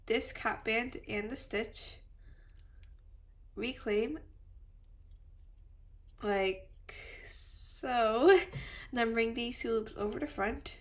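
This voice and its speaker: A woman with a stuffy nose from allergies, calmly talking through a step-by-step craft tutorial and apologizing now and then. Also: fairly high pitch. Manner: patient, apologetic instructions.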